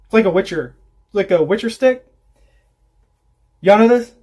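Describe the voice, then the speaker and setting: A man's voice: high voice, animated, normal speed, darkish tone, slightly rough. A man, telling rambling, profane stories while chatting on a casual homestead livestream. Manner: rambling, profane storytelling with laughs. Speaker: homestead vlogger.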